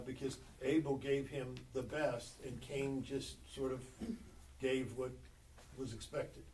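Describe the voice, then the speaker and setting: A man in a group Bible study, thinking aloud in a halting way with many pauses and ums. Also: on the high side, darkish tone, recorded from a distance, a little hiss or hum, poor audio.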